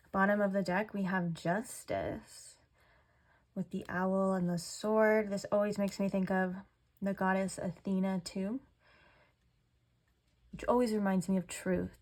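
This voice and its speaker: A woman giving a casual tarot card reading to her viewers, chatty and full of "like", slowing down and softening her voice when she turns to the cards. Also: mid-range voice, steady tone. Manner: chatty, says "like" often. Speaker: tarot reader.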